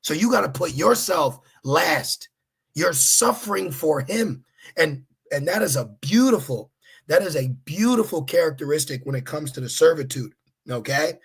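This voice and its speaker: A man preaching a streetwise sermon, casual and profane, driving points home with a repeated "okay?" and jumping into high acted-out asides. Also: animated, normal speed, gravelly, husky. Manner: acts out voices in high pitched asides.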